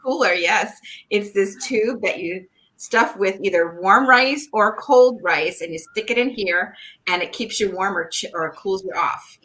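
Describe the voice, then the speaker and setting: A woman's voice: medium pitch, unhurried, pushed and bright. A woman in casual chat as a podcast guest, talking loosely with many fillers. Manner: chatty, filler-heavy with many um and like.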